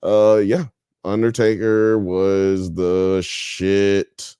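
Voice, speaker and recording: A man's voice: deep voice, level tone, extremely slow, mellow, clean tone, no echo, studio quality. A man from the US South and Midwest hosting a live show, casually reading chat comments aloud and riffing on them. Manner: laid-back, reads chat comments aloud and riffs on them.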